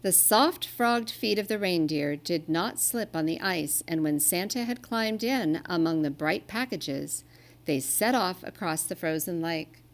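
Expressive woman reading a children's story. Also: on the low side, unhurried.

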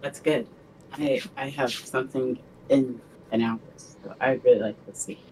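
A relaxed man talks through a game with a teammate at an ordinary middle pitch. There is a faint hiss of noise behind him. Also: unhurried, low-quality recording. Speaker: gaming teammate. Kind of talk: casual chat during a game.

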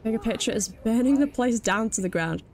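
A woman's voice: fairly high pitch, lively intonation, a little fast, a little mellow, slight background noise. A British woman streaming a video game live, jumpy and swearing freely as she comments and talks to her chat.

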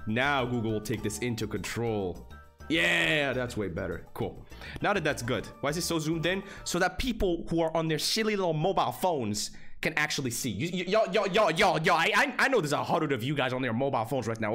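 A young man streaming a game, casual commentary full of swearing, mocking asides and sudden shouts of disbelief. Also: medium pitch, sing-song, brisk, faint music behind.

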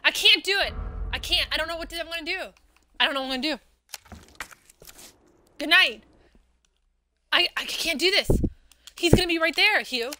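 A woman's voice: extremely high pitch, normal speed, pauses often, noisy background. A woman playing a horror game on her channel, panicking, swearing, and pleading with the game and a friend. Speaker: gaming host. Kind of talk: let's play commentary. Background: loud game music.

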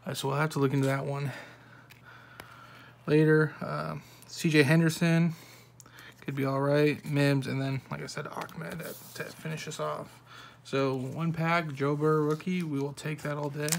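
A man opens packs at home and reads off names in a soft, flat run with quick little asides. His voice sits slightly high for a man and has a gravelly edge. A faint hiss and the crinkle of wrappers stay under him. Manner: rattles off player names one by one with quick asides. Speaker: card-opening channel host. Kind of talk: casual card-opening commentary.

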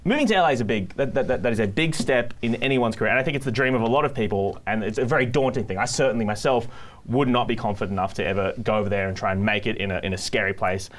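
A man's voice: mid-range voice, very fast. A man hosting a comic late-night studio show, rambling and interrupting himself in a playful way.

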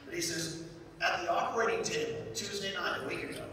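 A man's voice: high-pitched, fairly quick, a little hiss or hum. A man giving a motivational stage talk to a conference crowd, telling stories with emphatic repetition. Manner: energetic, storytelling, emphatic repetition. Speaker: motivational speaker at a real estate event. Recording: echoey hall, mic from a distance.

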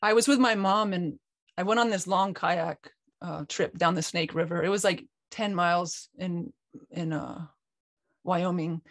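A woman's voice: on the low side, unhurried, dry recording, clean studio sound. A woman co-hosting an online talk, candidly telling a personal story with lots of restarts. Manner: candid, animated, frequent restarts and fillers. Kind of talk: personal storytelling in a group call.

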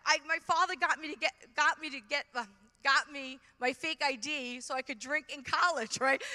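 Brief: middle-aged New York woman, high bright voice, lively storyteller, conference stage. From Brooklyn, New York. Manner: animated storyteller acting out her own reactions. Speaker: conference speaker. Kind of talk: testimony talk. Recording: hall reverb from a large venue.

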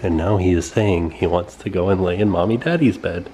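A man in his thirties chats casually in a family vlog with a very deep, mellow voice. He speaks in a dry, teasing way, with faint hiss behind him. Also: brisk. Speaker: vlog co-host.

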